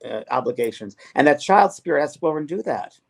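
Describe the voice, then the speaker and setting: Earnest, halting male medium. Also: on the high side, animated, vocal fry. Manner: earnest, halting with many restarts. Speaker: medium and host. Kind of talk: casual spiritual chat.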